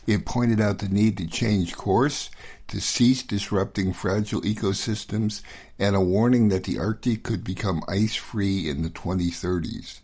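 A man hosting and producing a news review radio show, reading a script in a measured, steady way. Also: fairly low pitch, slightly rough.

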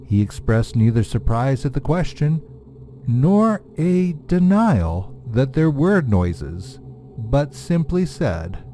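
A man's voice: mid-range voice, sing-song, dark tone, slight background noise. Man reading ghost stories aloud. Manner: measured, suspenseful reading. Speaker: narrator of listener-submitted ghost stories. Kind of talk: scripted storytelling narration.

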